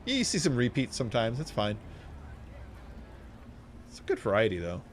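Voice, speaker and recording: Male streamer, rambling and profane, lively pitch, casual gameplay talk. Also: moderate pace, a little hiss or hum. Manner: rambling, profane, animated storyteller. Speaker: game streamer.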